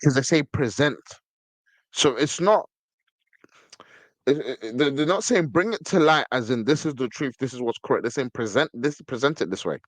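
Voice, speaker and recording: A man's voice: medium pitch, expressive, moderate pace, no echo. A man hosting a podcast in casual commentary, reading text from a screen and stressing his points with repeated words. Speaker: podcast host.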